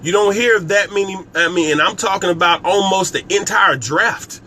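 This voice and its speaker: This network marketing coach sits high in pitch, with a bright, forceful tone at a normal speed. Hosting a motivational live stream on business and scripture, he repeats key phrases emphatically and speaks to viewers by name; a little hiss or hum is audible.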